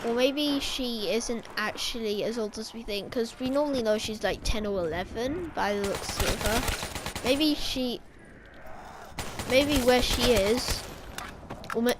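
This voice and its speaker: A fairly high-voiced woman rambling through game theories in a loose, casual way, stopping to correct herself mid-thought. Loud gunfire and game noise run steadily underneath her voice. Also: measured pace. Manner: rambling, self-correcting, speculative. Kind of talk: casual game-lore vlog commentary. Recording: game gunfire playing behind.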